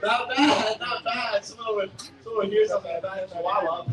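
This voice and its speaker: A man's voice: sits high, a little fast, noisy background. A young man presenting a live alligator show outdoors, joking with and quizzing the crowd, filmed from the audience. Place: outdoor alligator show arena at a theme park. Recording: distant, echoey, faint outdoor ambience.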